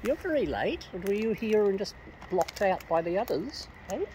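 Feeding a flock of wild cockatoos outdoors, a woman talks to them in a playful, teasing baby-talk voice. Her tone is warm and her medium-pitched speech animated at a measured pace, with bird calls and outdoor noise around her.

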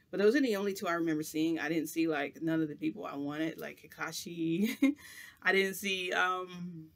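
A man's voice: a little high, vocal fry, a bit bright. A man chatting to camera as a vlogger, telling a long rambling story full of "like" in a casual, chatty way.

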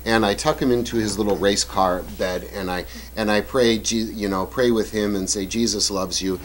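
A man's voice: lowish voice, steady tone, moderate pace, a little hiss or hum, rough recording. A middle-aged man giving a conversational, joking lecture to a church audience. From United States. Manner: conversational, joking, with quoted asides. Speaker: guest lecturer.

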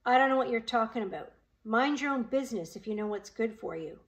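A woman's voice: fairly high pitch, lively intonation, brisk. A woman voicing a tall, tough schoolgirl who speaks snidely and threateningly.

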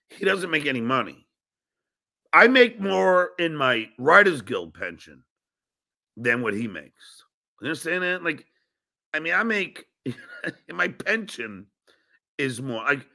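A man's voice: a little high, very animated, measured pace, vocal fry, pauses often, bright, forceful tone. A middle-aged man hosting a podcast, talking in a profane, combative way and ranting about a rival. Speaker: podcast host. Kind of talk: casual podcast chat.

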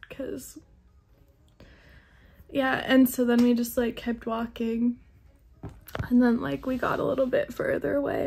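A woman's voice: high voice, creaky, mellow. A young woman vlogging casually, rambling with lots of "like" and "um", sounding shaken and upset. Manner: rambling, many fillers like "like" and "um". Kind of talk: casual vlog talk.

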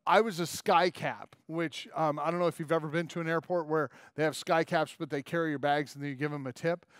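Animated storytelling male pastor. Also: fairly high pitch, brisk, no echo, clean studio sound. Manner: storytelling, acting out quotes in character voices. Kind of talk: sermon.

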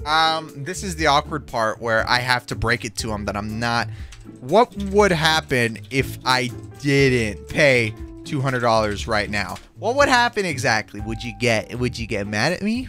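A young man giving jokey, excitable commentary over his own video game play, reacting fast to what happens on screen. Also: mid-range voice. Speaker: gaming YouTuber. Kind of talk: Minecraft gameplay commentary. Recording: faint music behind the voice.

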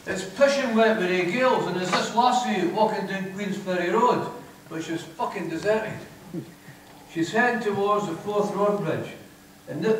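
Heard from a distance in an echoey theatre, a middle-aged Scottish author reads his crude, comic first-person fiction aloud, broad, wry and sweary in dialect. His voice sits high, and there's a little hiss or hum.

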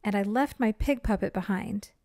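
A woman's voice: medium pitch, normal speed, a little mellow, no echo, clean studio sound, close to an everyday voice. A woman voicing a stubborn young girl who insists she is right. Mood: insistent.

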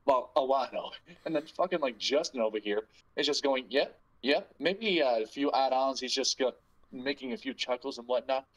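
Dude hosting a podcast, crude jokes, rambles on, super animated pitch. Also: male voice, brisk, highs cut off. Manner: crude, rambling, joking banter. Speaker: podcast host. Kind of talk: casual podcast chat.

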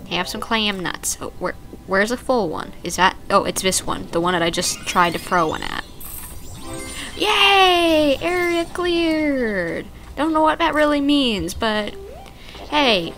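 A woman's voice: medium pitch, animated, moderate pace, a bit bright, faint music behind. Chatty young woman gamer. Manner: chatty, playful, reads game text aloud. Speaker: let's play gamer. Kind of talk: casual gameplay commentary.

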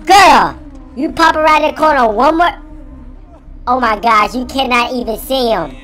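A squeaky chipmunk gamer. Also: male voice, a little slow, background noise. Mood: panicky yelping. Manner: panicky, excitable, slangy banter. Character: squeaky chipmunk gamer boy, jittery and jokey. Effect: pitch-raised chipmunk voice. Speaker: gaming commentator. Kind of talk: let's-play commentary.

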